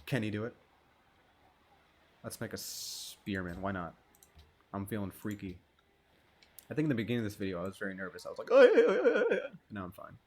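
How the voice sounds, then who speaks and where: A man's voice: fairly low pitch, steady tone, fairly quick, pauses often. A man giving casual, rambling gameplay commentary, joking and swearing as he plays. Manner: laid-back, rambling and joking, with frequent swearing. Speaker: gamer.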